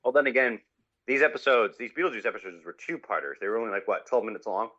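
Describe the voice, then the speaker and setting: A man co-hosting a casual chat about cartoons, goofy and jokey, with quick apologetic asides. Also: on the low side, lively intonation, sharp tone. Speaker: podcast co-host. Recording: dull lo-fi mic.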